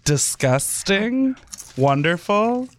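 A man's voice: high voice, sing-song, drawn-out words. Teasing man hosting a chat. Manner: teasing, prompting interviewer-style questions. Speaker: podcast host. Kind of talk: casual chat.

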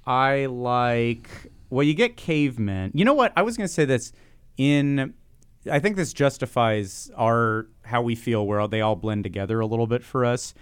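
Excitable man chatting on a podcast. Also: mid-range voice, normal speed, clean tone, no echo. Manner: excitable, laughs often, stumbles over words. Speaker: podcast co-host. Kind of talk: casual chat.

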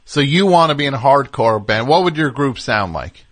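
A man with a medium-pitched voice runs a casual call-in show on the radio, chatting with callers at a moderate pace. The sound is dry with no echo, and his talk is loose, rambling, and full of fillers.

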